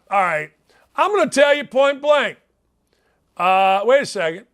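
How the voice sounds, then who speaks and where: A man hosting a sports talk show, ranting in a loud, blustery, rambling way and turning combative. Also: very high-pitched, sing-song, normal speed, smooth. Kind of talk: opinionated sports radio rant.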